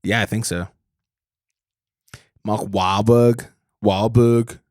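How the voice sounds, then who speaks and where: A man hosting a podcast, riffing in casual comedy chat with loud laughs. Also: on the low side, steady tone, takes it slowly, dry recording, clean studio sound. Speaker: podcast host.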